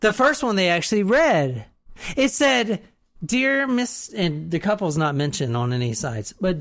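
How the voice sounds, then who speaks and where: Animated woman chatting, lively pitch. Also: measured pace. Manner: animated, profane, acts out quotes in mocking voices. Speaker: podcast co-host. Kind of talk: casual true-crime chat.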